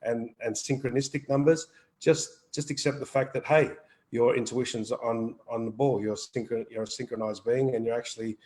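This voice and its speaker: A man's voice: medium pitch, steady tone, moderate pace, a little mellow, low-quality recording. Earnest, rambling man. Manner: earnest, rambling, repeats words, swears casually. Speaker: wellbeing co-host. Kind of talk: live Q&A chat.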